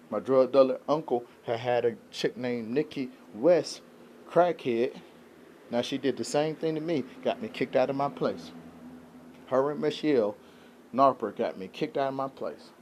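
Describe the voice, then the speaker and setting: A man at a medium pitch, venting in a loose, rambling monologue straight to his viewers. He sounds aggrieved and keeps checking in with them as he talks, and a faint hum of ambience sits underneath. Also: darkish tone. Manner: rambling, aggrieved venting, keeps asking "you know what I'm saying". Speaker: vlogger. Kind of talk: unscripted monologue to camera.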